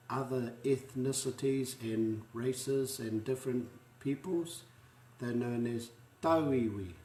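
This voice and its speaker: A man's voice: medium pitch, warm tone, roomy sound, slight background noise. A man with a New Zealand accent teaching pronunciation in an online lesson, patiently repeating each word for learners to say after him. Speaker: language teacher.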